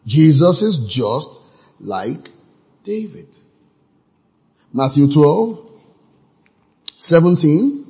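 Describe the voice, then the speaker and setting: Male preacher, husky and raised in pitch, reads verses and quizzes the congregation. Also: sing-song, drawn-out words, pauses often, dark tone, highs cut off. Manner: questions the congregation and reads scripture aloud, rising to emphatic peaks. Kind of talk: call-and-response sermon.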